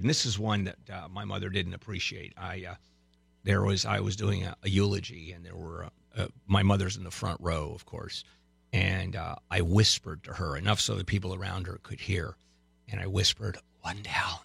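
Gravelly, bright-voiced radio host man. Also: sits low, little pitch movement, no echo. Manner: irreverent, dark jokey humor; halting, with many filler sounds. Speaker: radio talk show host. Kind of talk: casual on-air banter. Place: radio studio. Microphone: studio microphone.

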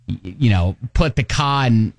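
A man's voice: medium pitch, expressive, unhurried, gravelly, no room sound. A middle-aged man with a Kentucky accent hosting a casual morning radio chat, rambling with fillers and laughs. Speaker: radio show host. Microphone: studio mic.

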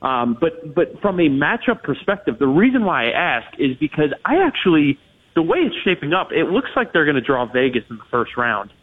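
Hockey analyst on a tinny phone line. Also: male voice, a little high, very animated, fairly quick, breathy edge. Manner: talks in long hedged runs with many restarts and fillers. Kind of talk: radio interview analysis.

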